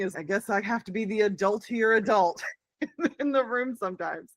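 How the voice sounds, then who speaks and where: A woman's voice: mid-range voice, fast talker, no room sound. A middle-aged woman guest telling a story in a casual interview, acting out the voices she quotes.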